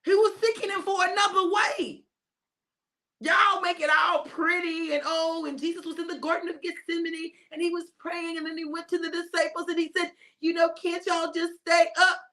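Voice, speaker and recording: A woman preacher giving an animated, emphatic sermon and addressing listeners as "baby". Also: very high voice, moderate pace.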